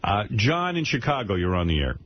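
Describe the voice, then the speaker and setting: A male radio show host telling a story in casual talk, indignant and profane, full of animated asides. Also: on the low side, a little fast, a little hiss or hum. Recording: dull lo-fi radio broadcast.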